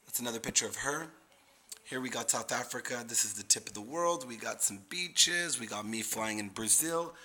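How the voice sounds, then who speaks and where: A man's voice: medium pitch, animated, normal speed, sharp tone, slight background noise. A man hosting a casual vlog, rambling through travel photos and repeating words. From Canada. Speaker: host.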